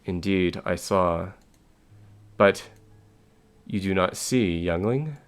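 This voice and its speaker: Man voicing an old alien elder, calm, cryptic, measured, deep gravelly. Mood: calm knowing.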